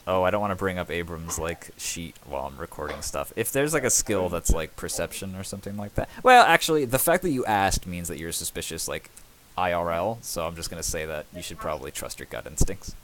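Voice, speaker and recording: Guy game mastering, lowish voice, rambly with lots of likes and ums, faint hiss. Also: expressive, fairly quick. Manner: rambling, full of fillers. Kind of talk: narrating a tabletop game.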